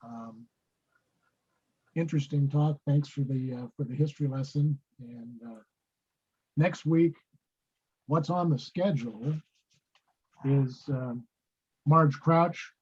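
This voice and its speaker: A man's voice: mid-range voice, slow pace, long pauses, slightly rough, lo-fi sound. A man hosting a club meeting, wrapping up and announcing next week with hesitant fillers. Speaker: meeting host. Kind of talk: closing announcements.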